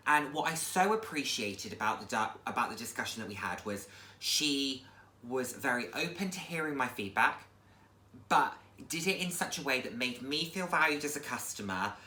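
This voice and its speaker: A woman talks casually to her camera, reflective and chatty, with frequent ums. Her voice sits very low for a woman yet sounds bright and forward. The room around her gives a noticeable echo. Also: a little hiss or hum. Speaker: vlogger. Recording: roomy echo.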